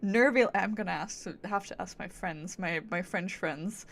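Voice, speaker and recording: A woman's voice: lowish voice, measured pace, gravelly, a bit bright. A woman streamer giving casual, playful commentary on a game, teasing and swearing.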